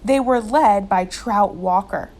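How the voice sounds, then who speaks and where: A woman reading a novel aloud in steady storytelling narration. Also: mid-range voice, takes it slowly. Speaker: audiobook reader.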